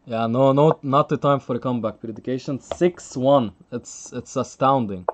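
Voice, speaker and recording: A man's voice: medium pitch, moderate pace. A man commentating live chess on a stream, chatty and thinking aloud, laughing often and reading out the chat.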